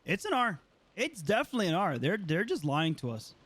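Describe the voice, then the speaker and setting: A man with a high voice commentates his game stream, his pitch swinging widely as he talks. His speech is loose and casual, packed with slang, fillers and the odd curse. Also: brisk, husky. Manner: animated, casual slang and swearing, many fillers. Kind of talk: let's play commentary.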